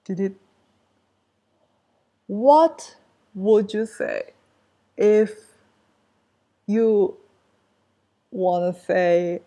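Slow, mellow-voiced woman teaching. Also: medium pitch. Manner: repeats phrases, explains step by step. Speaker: language teacher. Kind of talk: casual language lesson.

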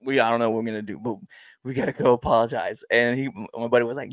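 Young male wrestler guest, lively storyteller, dry close mic. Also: racing, no room sound. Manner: animated storyteller, acts out crowd exchanges with big pitch jumps. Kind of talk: casual storytelling interview.

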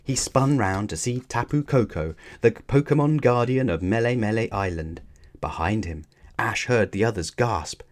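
A man with a lowish voice reads a children's adventure book aloud, telling the story in an expressive, measured way.

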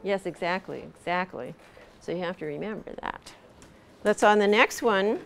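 A woman's voice: medium pitch, moderate pace, creaky. A middle-aged woman teaching pronunciation to a class, patiently demonstrating sounds and repeating them. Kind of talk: classroom instruction. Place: classroom with students.

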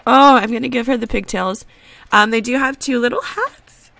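Gushing woman with a fry in her voice. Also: on the high side, normal speed, dry recording. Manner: gushing and excitable, repeated exclamations; rambling with fillers and restarts. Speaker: gaming video creator. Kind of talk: casual game commentary. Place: home. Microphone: desk USB microphone.

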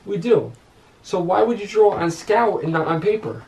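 A man's voice: sits high, normal speed, creaky, a little mellow. A man talking at home as a father, asking stern, patient questions. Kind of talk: casual home talk. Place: family home.

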